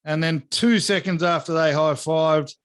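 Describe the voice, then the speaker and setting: A man chatting on a podcast, with a voice a touch higher than most men. He tells stories with lots of energy, swears freely and acts out the lines of the people in them. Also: measured pace, clear, resonant tone. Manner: animated, profane storyteller acting out dialogue. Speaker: podcast co-host. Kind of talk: casual chat.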